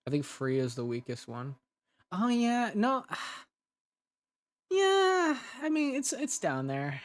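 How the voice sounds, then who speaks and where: A man's voice: high-pitched, huge pitch swings, slow, no room sound, clean studio sound. A young adult man, an ASMR creator, rambling casually with restarts while chatting on a livestream.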